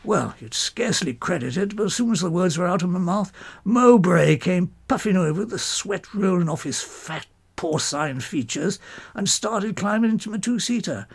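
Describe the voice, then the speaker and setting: A man's voice: sits high, expressive, moderate pace, gravelly, slightly rough. A man telling a first-person story in a clipped, old-fashioned, genial manner.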